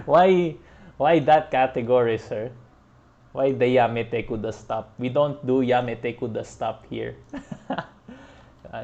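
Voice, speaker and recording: A man giving relaxed, chatty commentary as he plays through a video game, often laughing. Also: mid-range voice, very slow, gravelly. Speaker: gaming podcast host.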